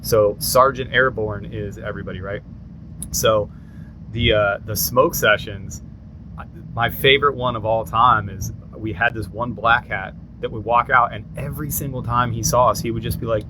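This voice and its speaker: A man in his forties, an animated storyteller who slips into other people's voices in a relaxed podcast chat. His voice sits at a middle pitch. A steady hum of noise runs under it. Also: normal speed. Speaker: podcast co-host.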